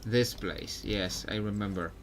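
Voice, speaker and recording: A man's voice: lowish voice, unhurried, faint music behind. A man streaming live gameplay commentary, chatty and thinking aloud with frequent fillers. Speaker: streamer playing a video game.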